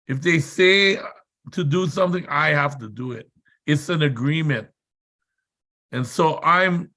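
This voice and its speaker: Man, seminar speaker, slow pace, somewhat high voice, dramatic motivational storytelling, emphatic repetition. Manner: dramatic, acts out shouted quotes; repetitive, emphatic build-ups.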